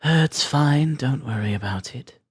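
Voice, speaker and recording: A man voicing a poised noblewoman with an English accent, polite and smoothly hospitable. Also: mid-range voice, lively intonation, normal speed, no echo, soft background music, voice pushed up. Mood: welcoming. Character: poised noblewoman, gracious but guarded.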